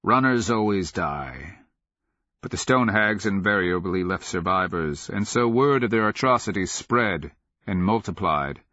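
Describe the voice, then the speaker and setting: A man giving steady, measured scripted narration of a fantasy audiobook, on a dull lo-fi recording. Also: deep voice, no room sound.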